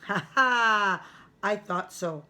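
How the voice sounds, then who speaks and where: A woman's voice: mid-range voice, animated, slow. A woman reading aloud, voicing a kind elderly man who sells flowers, friendly and chuckling. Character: elderly male flower seller, kind, foreign-sounding.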